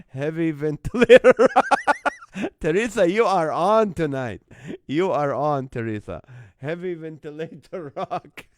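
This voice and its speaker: On a live call-in comedy stream he runs from home on his phone, a man keeps laughing while reading viewers' joke band names in casual chat. His voice is on the high side, slow and lively in intonation, recorded dry.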